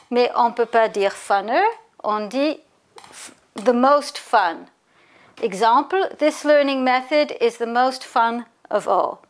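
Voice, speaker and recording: Bilingual woman teaching English grammar. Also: fairly high pitch. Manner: explains each point in French, then repeats it in English; slows down to spell out example words. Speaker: language teacher.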